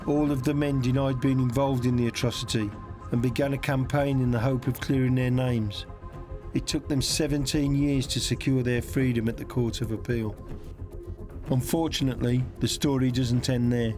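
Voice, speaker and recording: A man giving scripted documentary narration in a measured, even manner. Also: mid-range voice. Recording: narration over clear background music.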